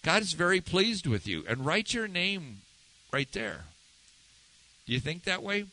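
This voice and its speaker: This pastor's sermon has a sing-song lilt at a measured pace, his voice pushed and bright. He talks conversationally, quizzes listeners often, and varies his pitch for emphasis, all on a low-quality recording.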